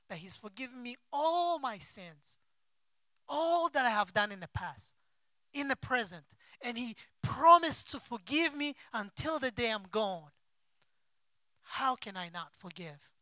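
A man preaching a sermon as a pastor, with impassioned delivery and big swings between soft and loud. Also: high-pitched, dry recording. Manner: acts out quoted figures in his own voice. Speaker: pastor and missionary.

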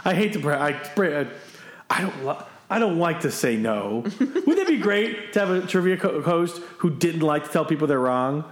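A man's voice: fairly high pitch, sing-song, moderate pace, roomy sound. A man hosting a casual podcast movie quiz, chatty and self-deprecating, laughing often. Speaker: quiz host.

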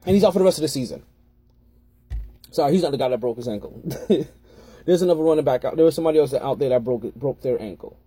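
A man's voice: mid-range voice, lively intonation, quick pace, pauses often, mellow, slightly rough. A man hosting a fantasy football podcast in a casual, rambling way, often repeating and correcting himself. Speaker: podcast host.

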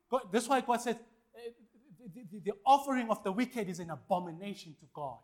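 A male pastor, preaching a sermon and calling out to the congregation for responses, with swings between loud and hushed lines. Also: high-pitched, expressive, moderate pace.

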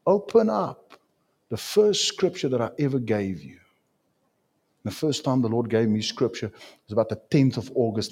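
A man preaching a sermon as a pastor, with dramatic swings in pitch and loudness. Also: husky.

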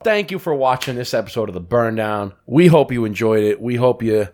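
A man co-hosting a casual cigar podcast, joking around and pitching for subscribers. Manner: joking, animated, quick sign-off pitch. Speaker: podcast co-host. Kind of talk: casual chat.

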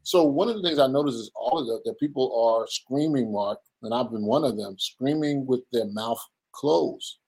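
A man in his fifties speaks in an earnest, preacherly way as an interview guest. His voice sits at an ordinary middle pitch, and he slips into short quoted voices while he makes his points. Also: normal speed, gravelly, few pauses, darkish tone, slightly rough, low-quality recording. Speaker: guest, pastor and men's ministry leader. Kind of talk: conversational interview.

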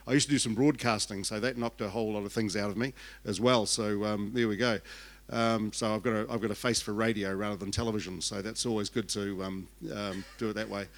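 Chatty older Kiwi pastor, joking. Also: male voice, lowish voice, steady tone, fairly quick. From New Zealand. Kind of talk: sermon.

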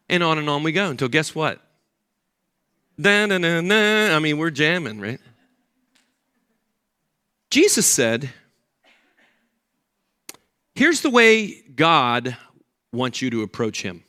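An older man preaching a sermon as pastor, an animated storyteller who acts out the voices of people in his stories. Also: fairly high pitch, slow pace, pauses often, clear, resonant tone.

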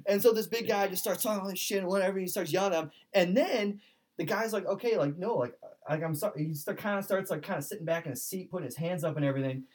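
A man's voice: high-pitched, racing. Young guy rambling through a story, lots of likes, acts out the other people, just chatting. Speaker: podcast host. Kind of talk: casual storytelling.

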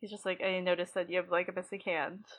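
A woman's voice: lowish voice, flat delivery, fast. Chatty woman podcast co-host. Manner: chatty, many "like" fillers. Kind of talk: casual book discussion.

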